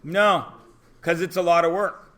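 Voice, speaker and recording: A man in his forties, a high school English teacher, talking to his class in an animated, sarcastic, joking way. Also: measured pace. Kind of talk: classroom talk.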